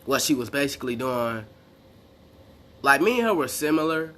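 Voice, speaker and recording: A man's voice: mid-range voice, big pitch swings, moderate pace, bright, forceful tone. A young man rambling casually through a personal story, full of slang and restarts. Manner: rambling, slangy, retells exchanges in quotes. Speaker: vlogger.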